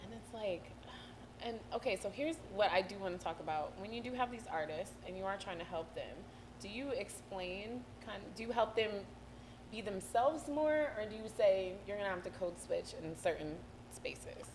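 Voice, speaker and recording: A woman from Atlanta with a slight Southern accent, hosting a casual podcast chat, lively and quick to laugh. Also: mid-range voice, a little hiss or hum. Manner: lively, laughs often, affirming. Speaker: podcast host.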